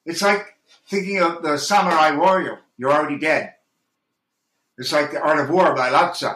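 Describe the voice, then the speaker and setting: A man speaks with intense earnestness, fumbling and restarting as he reflects on his craft. His voice is bright and forceful and sits a little high. The room around him is noticeably echoey. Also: moderate pace. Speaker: actor and audiobook narrator, guest. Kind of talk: reflective interview talk.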